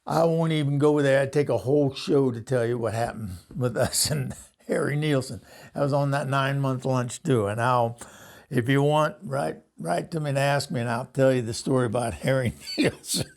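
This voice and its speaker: A man's voice: medium pitch, normal speed, a little mellow. An older man, host of the show, telling rambling stories in casual talk, often laughing and acting out what others said. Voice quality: gravelly. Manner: rambling, laughs often, acts out quoted voices. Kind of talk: casual storytelling monologue.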